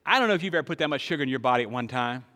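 An older man preaching a sermon, asking the congregation questions and swinging between loud emphasis and soft, hushed lines. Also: medium pitch, expressive, rapid-fire. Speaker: pastor. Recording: long hall reverb.

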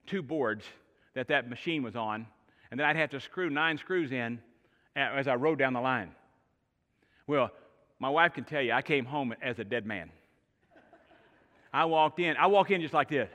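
A middle-aged man preaching a sermon as pastor, telling stories in an animated way with shifting pace and loudness. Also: medium pitch, moderate pace, long pauses. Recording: long reverb of a large hall.

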